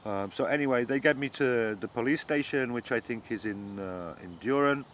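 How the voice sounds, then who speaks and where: A man gives his own account of an arrest in an interview, earnest and shaken, his agitation rising as he speaks. His voice sits at an ordinary middle pitch. A faint hiss runs beneath the recording. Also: moderate pace, fairly bright tone. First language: not German. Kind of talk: first-person testimony.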